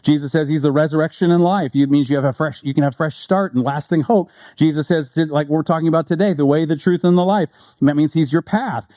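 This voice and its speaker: A male pastor giving a relaxed, conversational sermon, joking with listeners and slowing down to read quotes with weight. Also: a little high, dry recording. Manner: conversational and joking, reads quotes slowly with emphasis.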